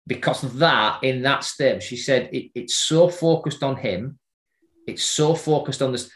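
A middle-aged man telling a personal story in casual conversation, halting and repeating words as he remembers. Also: medium pitch, a bit bright, roomy sound. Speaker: guest.

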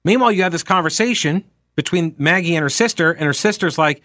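A man hosting a talk show, giving animated commentary on a trial and acting out quoted speech with rhetorical questions. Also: a little high, fast talker, no room sound, clean studio sound.

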